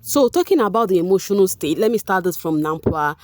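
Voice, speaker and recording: A woman's voice: on the low side, fairly quick, hardly any pauses, dry recording. A woman with a Nigerian accent hosting a chatty gossip vlog, talking straight to her viewers. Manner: chatty, animated, addresses viewers as guys. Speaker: vlog host. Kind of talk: casual gossip commentary reading fan posts.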